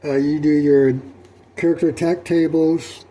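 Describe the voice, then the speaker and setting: A middle-aged man talking through his solo tabletop role-playing session in a rambling, halting way, with many fillers and restarts. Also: a little high, level tone, mellow. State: sleepy, yawning. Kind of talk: rambling casual talk.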